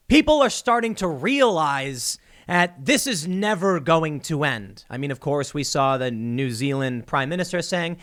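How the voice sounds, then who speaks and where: A male podcast host delivers a political commentary monologue in a fairly high, very animated voice. He is sarcastic and emphatic, and his pitch swings up and down as he makes his points. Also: moderate pace.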